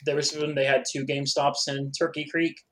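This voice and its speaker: A man's voice: mid-range voice, little pitch movement, a little fast, crowd noise. A man co-hosting a podcast in casual chat, telling rambling anecdotes full of filler words. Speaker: podcast co-host. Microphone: remote podcast recording.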